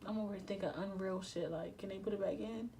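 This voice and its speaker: A woman's voice: mid-range voice, steady tone, quick pace, vocal fry, mellow, slight background noise, rough recording. A young adult woman telling a personal story in a casual storytime vlog. She speaks candidly and emotionally, with slang, swearing and repeated phrases. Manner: subdued and emotional. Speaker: vlogger.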